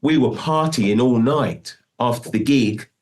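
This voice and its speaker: A man's voice: mid-range voice, unhurried, darkish tone. A middle-aged man telling a long story in a casual interview, rambling and restarting often. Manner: rambling, full of restarts and "do you know what I mean". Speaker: guest musician.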